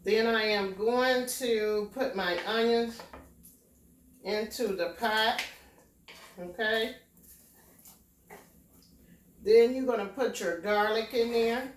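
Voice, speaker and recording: A woman with a slightly high voice talks very slowly and patiently as she cooks at home, pausing to check in with a homey "okay?" between steps. The sound echoes around the kitchen, and she stands a little way back from the mic. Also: distant mic, slight background noise. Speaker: home cook. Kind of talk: casual cooking demonstration.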